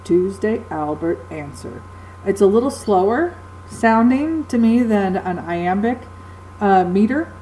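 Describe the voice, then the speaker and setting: A woman's voice: on the high side, a little slow, warm tone, a little hiss or hum, rough recording. A woman teacher giving a recorded lecture, explaining patiently with frequent ums and uhs.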